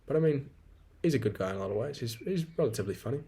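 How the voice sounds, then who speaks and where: A man's voice: mid-range voice, animated, rapid-fire, warm tone, slightly rough. A young man, rambling and swearing freely in a casual solo podcast monologue. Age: 20s. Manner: profane, rambling, venting. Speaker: podcast host.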